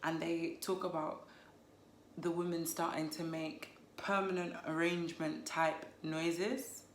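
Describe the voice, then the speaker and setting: A woman chats casually about a novel she loved, playful and amused at her own jokes. Her voice sits fairly low for a woman. The room adds a noticeable echo around her. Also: flat delivery, slow, slight background noise. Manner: chatty, playful, laughs at herself. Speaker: book vlogger. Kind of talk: casual book review. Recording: roomy echo.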